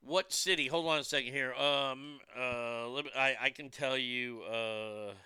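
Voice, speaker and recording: A man's voice: medium pitch, steady tone, unhurried, sharp tone, clear, resonant tone. A man rambling casually about food, movies and wrestling, blunt and profane, with many restarts. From United States.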